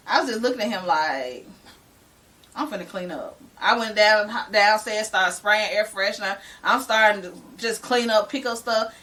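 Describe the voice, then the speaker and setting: A woman's voice: medium pitch, sharp tone, distant mic. A middle-aged woman, telling an exasperated story on a casual podcast, full of laughing asides. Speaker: podcast co-host.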